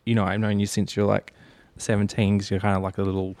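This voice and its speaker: A man with a fairly low voice hosts a podcast in an easygoing, chatty way. His voice sounds dry and close to the mic. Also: monotone, fast, a little mellow, dry recording. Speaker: podcast host. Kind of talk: casual chat.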